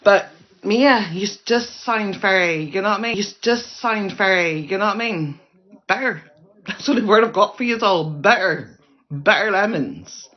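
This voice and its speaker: A woman's voice: medium pitch, moderate pace, lo-fi sound. Combative woman ranting. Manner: combative, repeats herself, sarcastic. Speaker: livestreamer. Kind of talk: ranting monologue on a live stream.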